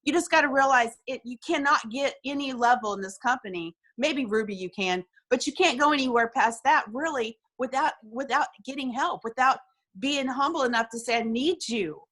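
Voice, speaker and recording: A woman telling an emotional personal story over a video call, animated and acting out what people said. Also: high-pitched, brisk, low-quality recording. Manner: animated, acts out quoted dialogue, frequent restarts. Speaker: guest sharing a success story.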